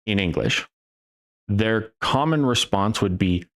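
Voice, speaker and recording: A man with a fairly low voice hosting a podcast monologue, taking his time over each thought. He drifts, restarts his sentences and drops a casual curse here and there. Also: expressive, a bit bright. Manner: rambling and profane, with restarts and trailing pauses. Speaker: podcast host.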